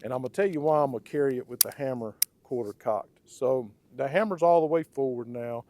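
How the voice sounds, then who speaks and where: A man with a raspy, hoarse voice from blocked sinuses gives a casual hands-on product review. He talks conversationally and ends his points with "okay?" and "right?". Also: mid-range voice, a little fast, a little mellow, slight background noise. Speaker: firearms reviewer.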